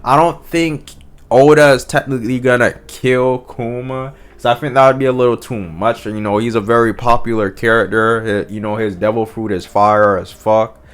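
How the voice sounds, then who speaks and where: A young man talks through a manga chapter in loose, profane slang at an ordinary middle pitch. He rambles, circles back and restarts his sentences as he reacts. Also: fairly even intonation, moderate pace, smooth. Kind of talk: casual commentary.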